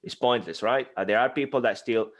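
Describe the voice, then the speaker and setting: A man's voice: mid-range voice, a little fast, a bit bright. A man with a Spanish accent, a speaking coach talking energetically and emphatically as an interview guest. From Spain. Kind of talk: interview conversation.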